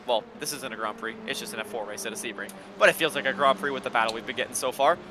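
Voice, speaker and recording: A man doing live sim racing commentary, excitable and getting loud in close battles. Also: mid-range voice, racing, noisy background. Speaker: race commentator.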